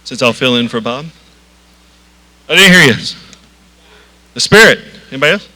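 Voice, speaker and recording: A man's voice: mid-range voice, animated, moderate pace, bright, forceful tone. A man, introducing a speaker at a live event in a joking, folksy, chatty way. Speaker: board member introducing the speaker.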